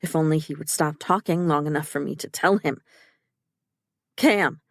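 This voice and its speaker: A female audiobook narrator with a low voice reads a first-person psychological thriller fairly quickly, tense and urgent yet with fairly even intonation. The scripted narration is recorded dry and clean in a studio.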